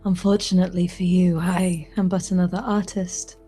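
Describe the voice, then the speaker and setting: A woman in whispered role-play, voicing an eerie, obsessive artist who speaks in a hushed, unsettling way. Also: on the low side, little pitch movement, normal speed, husky, faint music behind. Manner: hushed, unsettling, softly intense.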